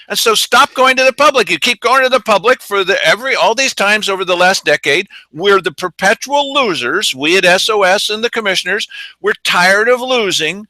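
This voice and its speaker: A man's voice: high-pitched, lively intonation, fairly quick, pushed and bright, no room sound, low-quality recording. A man hosting an opinionated news commentary, indignant and sarcastic, mocking the people he quotes. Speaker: news show host.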